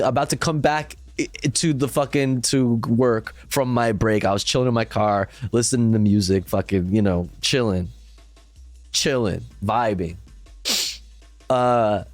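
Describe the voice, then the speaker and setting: A man's voice: on the low side, dry recording. A man streaming a casual reaction, telling a rambling story full of swearing and laughter.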